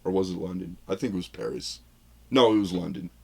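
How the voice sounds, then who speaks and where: A man's voice: low voice, fast, gravelly, dark tone, husky. A man co-hosting a film review podcast, talking in a loose, rambling way, acting out lines he retells and laughing at his own jokes. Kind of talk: casual chat.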